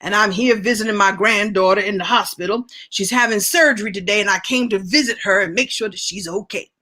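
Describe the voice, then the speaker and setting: Bawdy old grandmother, improvised by a woman, chatty and halting, with a bright voice. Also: mid-range voice. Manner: chatty, hesitant, with many "uh"s. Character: elderly grandmother visiting a hospital, bawdy and cheerful. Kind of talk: improvised comedy character.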